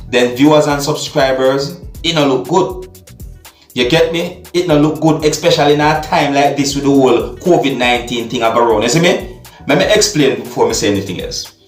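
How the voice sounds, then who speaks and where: A man's voice: fairly high pitch, echoey room. A man hosting a vlog, commenting to his viewers and keeping on checking in with them. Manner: repetitive, keeps checking in with the audience. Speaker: vlog host commenting on a video.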